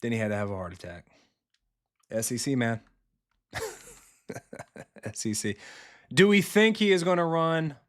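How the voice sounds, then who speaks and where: A medium-pitched man with lively intonation talks a little slowly, pausing often. Streaming a football video game, he commentates casually, swears freely and chats with his audience; he's also a football coach.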